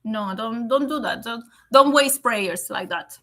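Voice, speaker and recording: Slow, bright-voiced emotional woman. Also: on the high side. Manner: emotional, measured, often tags sentences with "okay?". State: close to tears. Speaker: livestream host. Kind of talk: casual live stream chat, answering comments.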